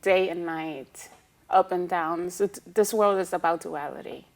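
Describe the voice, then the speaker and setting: Woman with a gravelly, creaky voice. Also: on the low side, a little slow. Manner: calm, explanatory, with frequent "um" and "you know". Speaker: licensed acupuncturist, guest. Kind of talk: explaining in an interview.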